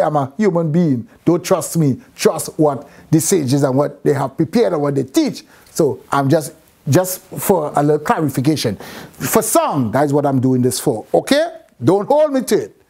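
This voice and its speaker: A man's voice: a little high, dark tone. A man teaching a class about Hebrew letters and words, often asking the students questions and stopping to correct himself. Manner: asks questions of the class, pauses and restarts. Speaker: Bible teacher.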